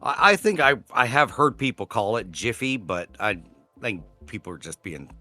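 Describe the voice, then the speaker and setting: A man's voice: on the low side, animated, normal speed, sharp tone, faint music behind. A man co-hosting a casual podcast chat, rambling and correcting himself as he goes, with casual swearing. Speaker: podcast co-host.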